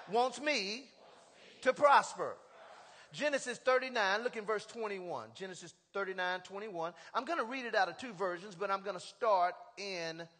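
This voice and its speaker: A man preaching a sermon as pastor, calling on the congregation to answer back and building up to shouts. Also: high voice, in a large hall. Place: church sanctuary.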